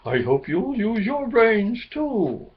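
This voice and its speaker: A man's voice: high voice, very animated, slow pace, breathy edge, voice pushed up, exaggerated voice. A man voicing a kindly, wise old male owl who speaks modestly and knowingly, in a storybook reading. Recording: dull lo-fi recording.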